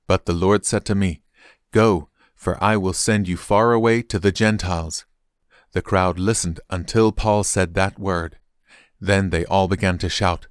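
A man reading scripture aloud in a steady, measured delivery. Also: low-pitched, dry recording, clean studio sound. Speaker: Bible reader.

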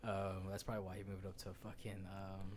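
A man's voice: deep voice, completely flat delivery, a little fast, background noise. A man co-hosting a casual sports podcast, rambling and swearing freely with lots of fillers. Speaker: podcast co-host.

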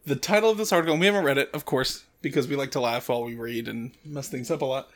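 A man's voice: mid-range voice, fast talker, a bit bright. A man co-hosting a podcast in casual banter, playful and laughing often between lines. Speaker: podcast co-host.

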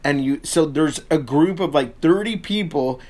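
A man's voice: on the high side, a little slow, darkish tone. A man co-hosting a casual chat, telling a story in a dry, wry way. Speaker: podcast co-host.

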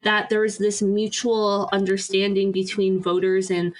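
A woman's voice: medium pitch, completely flat delivery, measured pace, poor audio. A woman co-hosting a podcast, chatty and upbeat in casual conversation. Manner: upbeat, chatty, asks questions with enthusiasm. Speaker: podcast co-host. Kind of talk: casual chat.

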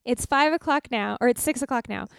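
A woman's voice: on the high side, brisk, gravelly, smooth, no room sound, studio quality. A young American woman co-hosting a casual travel podcast, telling stories with lots of laughter. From United States. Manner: animated storytelling, laughs often. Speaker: podcast co-host.

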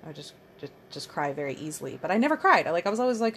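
A woman's voice: sits low, sing-song, very fast, a little hiss or hum. A woman in her thirties talking candidly in a rambling casual monologue, swearing freely, as the podcast host. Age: 30s.

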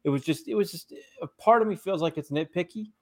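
A man's voice: a little high, fast. A man hosting a casual wrestling podcast, rambling and restarting his sentences, swearing now and then while eating. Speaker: podcast host.

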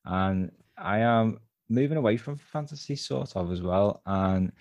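A man's voice: fairly low pitch, animated, measured pace, a little mellow, no room sound. A man with a Liverpool accent, a guest author talking earnestly in a casual interview, often restarting his phrases. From Liverpool, England.

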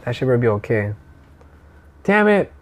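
A man's voice: mid-range voice, sing-song, moderate pace. Laughing, profane podcast host, a man. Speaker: podcast host and stand-up comic. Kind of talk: casual chat.

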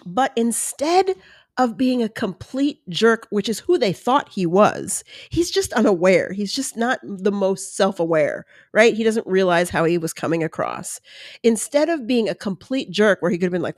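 A woman's voice: medium pitch, very animated, moderate pace, no echo. A middle-aged woman talks casually on her own podcast, chatty and a little self-mocking. She acts out her own inner voice as she goes. Her voice sits in the middle range and is recorded close, in a dry, dead room. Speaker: podcast host. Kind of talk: casual solo podcast talk.

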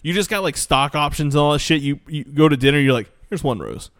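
A man's voice: fairly high pitch, steady tone, quick pace, a bit bright, smooth, dry recording. Rambling, swearing man in dry close-up. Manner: rambling, swearing, laughing, trailing off. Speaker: podcast co-host reviewing bad movies. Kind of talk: casual profane chat.

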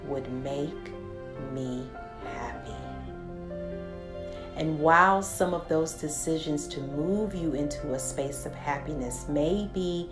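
Low-voiced woman with a slow, soothing meditation voice. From Texas. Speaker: podcast host. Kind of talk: guided meditation and podcast closing. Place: studio with a live audience.

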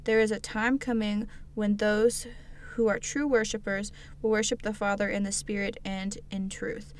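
A woman's voice: medium pitch, level tone, moderate pace. Woman co-host reading a devotional. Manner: stumbles over words, laughs at own slips. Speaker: podcast co-host.

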